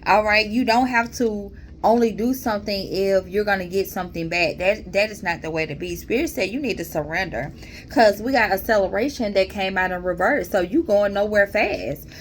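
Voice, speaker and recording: Mellow, chatty woman reading tarot. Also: medium pitch, moderate pace, a little hiss or hum. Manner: chatty, drawling, addresses viewers as y'all; calm and mellow. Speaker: tarot reader.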